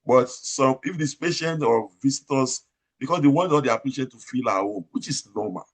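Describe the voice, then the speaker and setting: A man with a Nigerian accent and a medium-pitched voice speaks at a moderate pace. As an operating room nurse manager giving advice in an interview, he talks loudly and emphatically, repeats his points and asks rhetorical questions.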